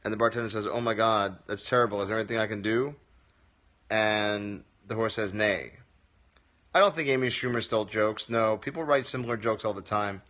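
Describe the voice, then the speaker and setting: Speaking briskly in a lowish, bright, forceful voice, a man runs a casual Q&A on a phone livestream as a comedy teacher. He reads viewers' comments aloud and answers each with dry, wry jokes.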